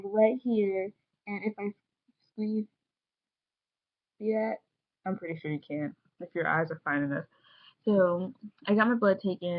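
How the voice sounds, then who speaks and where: A young woman vlogger tells a story in a casual, bubbly, rambling way, slipping into the voices of the people she quotes. Her pitch is medium, and the recording has its high frequencies cut off.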